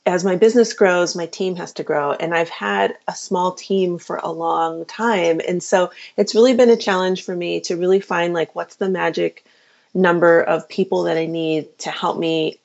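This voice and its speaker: A woman physician speaks in an earnest, casual way, stopping and restarting often. Her voice sits low and has a gravelly fry. The recording sounds dull and lo-fi. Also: fairly even intonation, normal speed, a little mellow. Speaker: physician and podcast host, guest. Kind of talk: casual interview answers.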